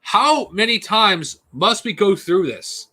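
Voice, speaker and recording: A man's voice: sits high, expressive, takes it slowly, sharp tone. A man ranting angrily and profanely on a live stream. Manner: angry profane ranting, mocking put-on whines.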